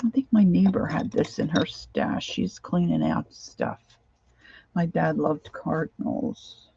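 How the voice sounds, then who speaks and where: A woman's voice: low voice, wildly swooping pitch, slow, vocal fry, dark tone, muffled recording, a little hiss or hum. A middle-aged woman chatting casually to herself and her viewers while she crafts at home, rambling from one thought to the next. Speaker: craft vlogger.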